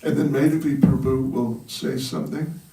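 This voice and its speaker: A man's voice: mid-range voice, fairly even intonation, normal speed, gravelly, dark tone. A man, a monk, telling humorous stories in a sermon at a temple and chuckling at his own jokes. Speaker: monk giving a talk at a temple. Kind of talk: storytelling sermon. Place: temple hall. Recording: roomy hall, voice from a distance.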